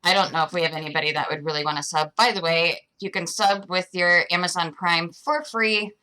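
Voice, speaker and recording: A woman with a lowish, bright voice hosts a casual livestream, chatty and playful, giggling as she talks. She keeps the conversation moving easily. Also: fairly even intonation, fairly quick, clear, resonant tone, rough recording. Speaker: host.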